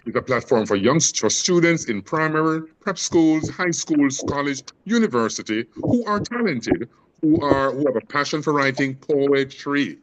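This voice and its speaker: A man's voice: a little high, lively intonation, moderate pace, muffled recording. A man from Jamaica with a Jamaican accent blended with Canadian, talking passionately as a poet and educator in an interview, often stumbling over repeated words. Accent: Jamaican mixed with Canadian. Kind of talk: interview conversation.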